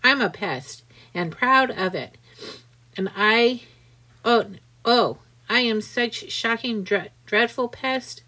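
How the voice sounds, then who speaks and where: Woman reading a story, doing a boastful cheeky centipede, gleeful, slowish. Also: on the high side, bright, forceful tone, full character voice. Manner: gleeful, boisterous.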